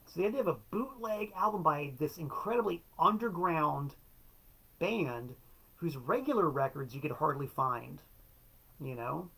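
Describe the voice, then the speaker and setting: A middle-aged man who collects records hosts a casual solo show, telling stories in an enthusiastic, wry way with playful quotes. His voice is on the high side and animated, at a measured pace, with vocal fry, a sharp tone, and a breathy edge.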